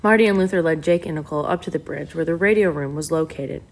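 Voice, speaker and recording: Woman, audiobook reader, low voice, gravelly, steady. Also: fast talker. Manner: steady, plain storytelling. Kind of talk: novel read aloud.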